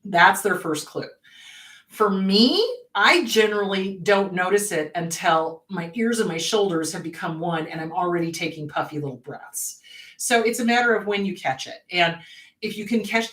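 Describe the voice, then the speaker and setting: In a roomy, echoing recording made at a distance from the mic, a woman therapist hosts a show with casual educational talk. Her voice is medium-pitched, animated, a bit bright, and at normal speed, and she acts out panicked inner voices while explaining.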